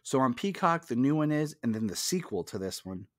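A man's voice: medium pitch, sing-song, fairly quick, dry recording. A man appearing as a podcast guest and film expert, talking in a rambling way with many restarts. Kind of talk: casual film discussion podcast.

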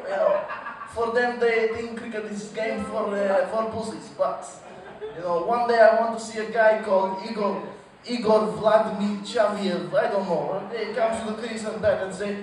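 A man's voice: sits high, fairly even intonation, moderate pace. A young man doing crude stand-up comedy on stage, joking with stammering restarts. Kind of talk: stand-up routine. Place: stage at a live venue. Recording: echoey live venue from far off, crowd.

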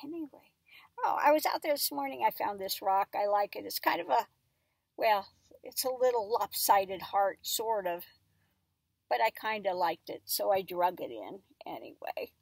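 A tarot reader, a woman, chatting casually at home in a rambling way and cooing softly to her dog in between. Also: medium pitch, lively intonation, moderate pace, creaky, no room sound. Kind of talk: casual chat.

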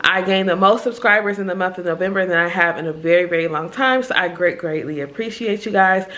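A woman vlogger chatting casually to her viewers, upbeat and fast-talking, with slangy phrasing. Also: lowish voice, a bit bright. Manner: upbeat, chatty, uses slang like "giving vibes". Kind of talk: casual vlog chat to camera.

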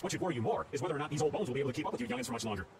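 A man's voice: mid-range voice, animated, racing, a crowd in the background, close to an everyday voice. A man playing a wisecracking older drifter. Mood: wry.

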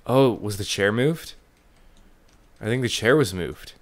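A man's voice: on the low side, animated, unhurried. Casual man narrating a game. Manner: casual, thinking aloud. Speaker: let's player. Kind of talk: gaming commentary.

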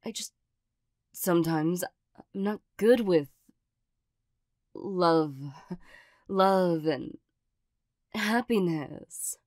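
A woman's voice: lowish voice, extremely slow, pauses often, a little mellow, no echo, studio quality. A woman playing a stammering tsundere girlfriend, whispered role-play. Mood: flustered. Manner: hesitant and stammering, with nervous little laughs. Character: awkward tsundere young girlfriend, gruff but loving. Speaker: ASMR role-play performer.

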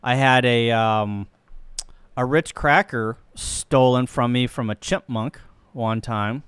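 A man from Missouri, a ham radio operator, chatting casually and joking on a live stream while he works the radio and thinks out loud. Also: medium pitch, slow, clear, resonant tone, no echo. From Missouri, USA.

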